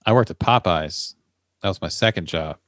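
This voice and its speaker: A man's voice: low-pitched, fairly bright tone, dry recording, clean studio sound. A man co-hosting a podcast, rambling through memories in chatty, easygoing talk. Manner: chatty, quick to laugh, rambling. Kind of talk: casual chat.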